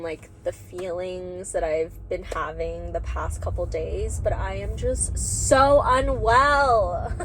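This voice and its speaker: A young woman, talking candidly in a casual vlog and using many fillers like "like". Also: mid-range voice. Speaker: vlogger. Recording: noisy background.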